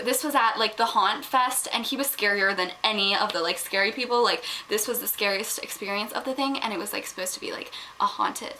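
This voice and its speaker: Chatty teen girl with a bright voice. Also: mid-range voice, a little hiss or hum, low-quality recording. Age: teens. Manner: chatty, says "like" constantly, rises to loud indignant retelling. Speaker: vlogger. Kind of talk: casual storytime vlog. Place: home, at one point in a bathroom.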